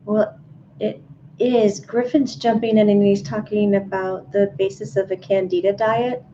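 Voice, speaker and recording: Mellow woman relaying messages, lo-fi. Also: mid-range voice, flat delivery, unhurried. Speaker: psychic medium relaying messages. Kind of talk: casual livestream chat. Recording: dull lo-fi sound, faint noise.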